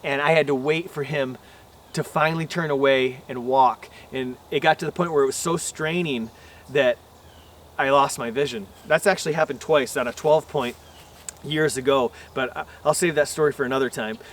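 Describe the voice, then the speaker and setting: A man's voice: medium pitch, steady tone, moderate pace, a little hiss or hum. A man hosting a bowhunting vlog outdoors, explaining in a folksy, rambling way. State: out of breath after running. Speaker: bowhunting channel host. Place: outdoors at an archery range.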